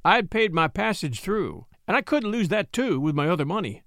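A grim old-west blackmailer drawls his threats in a rough backwoods dialect, as a man puts him on. The voice rides high and swings widely in pitch. The recording is dry and close. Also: sing-song, normal speed, a bit bright, no echo, full character voice. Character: grim rough frontier blackmailer, male, middle-aged.

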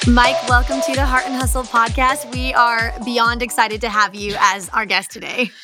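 A woman's voice: fairly high pitch, little pitch movement, normal speed, music in the background. A woman co-hosting a podcast interview, welcoming her guest with enthusiastic, gushing praise and frequent laughter. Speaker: podcast co-host. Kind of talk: casual interview.

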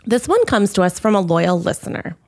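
A woman's voice: medium pitch, sing-song, fairly quick, creaky. A woman co-hosting a podcast, chatting casually, laughing often and reading a listener letter aloud. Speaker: podcast co-host. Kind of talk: casual chat.

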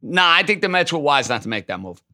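A man hosting a call-in sports talk show, taking callers and arguing his takes emphatically. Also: on the high side. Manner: emphatic, animated, quick to riff. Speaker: sports radio host.

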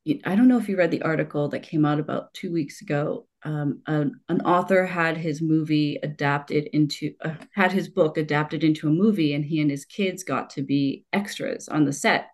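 A woman's voice: sits low, moderate pace, hardly any pauses, darkish tone. A woman in her forties in casual conversation, talking in long rambling stretches with restarts and laughter. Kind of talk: conversational podcast talk.

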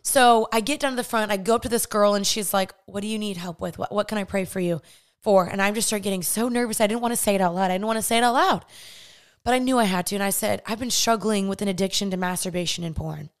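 A young woman hosting a podcast, telling her personal faith testimony in an animated way and acting out the voices she remembers. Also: mid-range voice, quick pace. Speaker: podcast host.

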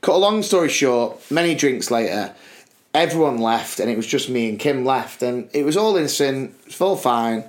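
A man's voice: mid-range voice, animated, normal speed. A British man co-hosting a podcast, telling a long personal anecdote in casual chat and often breaking into laughter. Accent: British English. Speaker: podcast co-host.

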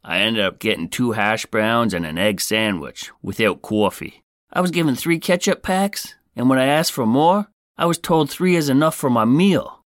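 A man's voice: medium pitch, animated, moderate pace, no room sound, clean studio sound, voice pushed up, natural voice. A fed-up woman customer airs her grievances in a raised, indignant voice, as a man puts her on. She sounds aggrieved and wronged throughout.

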